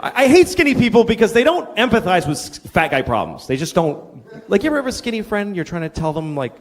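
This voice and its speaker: A middle-aged man doing a stand-up comedy set, ranting and swearing and acting out shouted characters. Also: sits high, very animated, fast. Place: large theater with a laughing audience. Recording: live theater recording, hall echo, crowd laughter.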